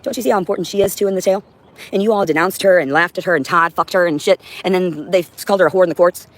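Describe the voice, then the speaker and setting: A woman's voice: on the low side, rapid-fire, no room sound. A woman hosting a livestream, talking to her audience in a rambling, intense and profane monologue at home. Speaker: livestream host. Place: indoors at home with a cat.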